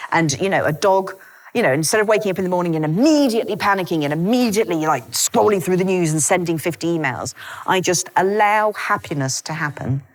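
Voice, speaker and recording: Woman, 50s, low-pitched guest author; rapid, comic, self-mocking storyteller. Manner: rapid, animated storytelling with frequent laughs. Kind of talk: live podcast conversation.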